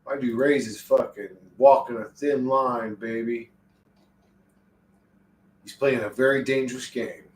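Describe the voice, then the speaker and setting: A man's voice: mid-range voice, fairly even intonation, a little slow, long pauses, echoey room, recorded from a distance, slight background noise, low-quality recording. A man chatting casually and profanely on a live stream, joking and getting easily worked up.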